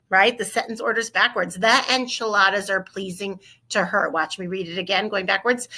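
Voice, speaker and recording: Bright-voiced woman teaching Spanish. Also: medium pitch, breathy edge. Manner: upbeat, coaching, asks questions aloud. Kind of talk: recorded screen-share lesson.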